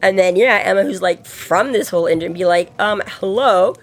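Gravelly-voiced woman podcast co-host. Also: fairly low pitch, fast. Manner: animated, acts out quotes with laughter. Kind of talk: casual chat.

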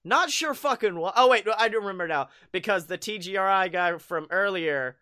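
A man's voice: high-pitched, fairly quick, pushed and bright. A man hosting a podcast, recapping a movie in a rambling, profane way with frequent laughs. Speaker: podcast host. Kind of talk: casual chat recapping a movie.

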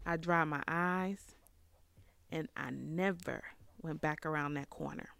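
A woman in her thirties telling a reflective personal story as a podcast host, with fillers and pauses. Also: sits low, fairly even intonation, vocal fry, a bit bright, clean tone. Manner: reflective, tearful at times, with fillers.

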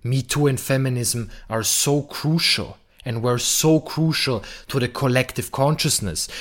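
A man hosting a podcast, talking bluntly and emphatically about masculinity, swearing freely. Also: medium pitch. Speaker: podcast host. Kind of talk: monologue on masculinity and relationships.

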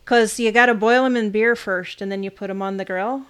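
A woman's voice: medium pitch, steady tone, fairly quick, a bit bright, clean tone. A woman from South Dakota co-hosting a podcast, chatting casually and playfully. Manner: chatty, playful, laughs easily. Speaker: podcast co-host. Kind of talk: casual interview chat.

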